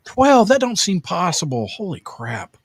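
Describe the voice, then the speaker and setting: An older man co-hosting a casual live-stream chat, reading viewer comments aloud in a halting way, full of fillers and restarts. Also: high voice, very animated, slightly rough, no echo, studio quality.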